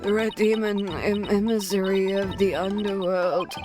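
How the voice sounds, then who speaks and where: A woman voicing a gloomy, edgy young maid in a game, using low vocal fry and a flat, tired delivery. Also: a little slow, over music, natural voice.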